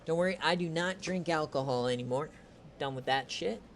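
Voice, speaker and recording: A man giving excitable, profane play-by-play of a streamed online football game, his voice strained from shouting. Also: brisk, a little hiss or hum. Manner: swings from shouted calls to low, relaxed chatter. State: straining voice, says he is losing it.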